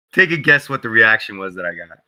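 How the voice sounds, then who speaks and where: A man being interviewed about game development, telling stories in a casual, animated way, full of "like" and "you know", and acting out what others said in a raised voice. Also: poor audio. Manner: animated storyteller who acts out quotes in a higher voice; heavy use of "like" and "you know".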